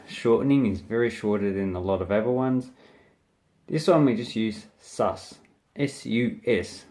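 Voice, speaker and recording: A man's voice: fairly low pitch, a little mellow. A young Australian man hosting a casual video lesson on slang, with a playful, joking delivery. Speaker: video host teaching slang.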